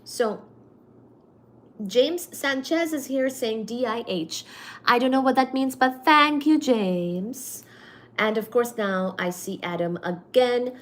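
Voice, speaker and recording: A woman's voice: medium pitch, unhurried. A woman hosting a casual livestream at home, reading viewer comments aloud and thanking them effusively, with lots of fillers. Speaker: livestream host.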